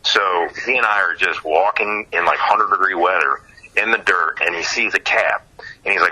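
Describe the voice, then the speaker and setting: A man with an extremely deep voice and a very bright, forceful tone tells a story as a guest in a casual interview. He is a singer-songwriter from Ohio, and he is animated, chuckling as he goes and leaning on many fillers. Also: a little fast, slightly rough, low-quality recording.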